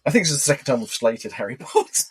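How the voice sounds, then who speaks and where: Casual co-host, a man with a husky voice and jokey, wandering chat. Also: medium pitch, rapid-fire. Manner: animated, joking, rambling tangents. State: wired on caffeine. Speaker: podcast co-host.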